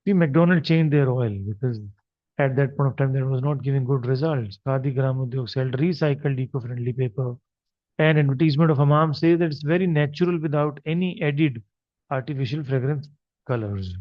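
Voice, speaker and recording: A man with an Indian English accent lectures on marketing while talking through slides. He speaks off the cuff and fills pauses as he goes. The recording is dry and somewhat dull. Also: medium pitch, no room sound. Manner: unscripted explaining with many fillers.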